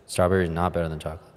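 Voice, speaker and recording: A young man co-hosting a comedy podcast, retelling things in halting, animated, profane banter. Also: deep voice. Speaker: podcast co-host. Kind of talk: casual comedic chat.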